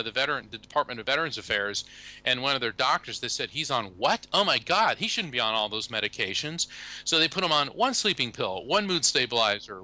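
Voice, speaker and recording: An American man, a guest on a talk show, telling anecdotes in a casual, animated way and acting out the people he quotes. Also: medium pitch, poor audio. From USA. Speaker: guest, psychic medium and lawyer. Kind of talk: casual storytelling interview.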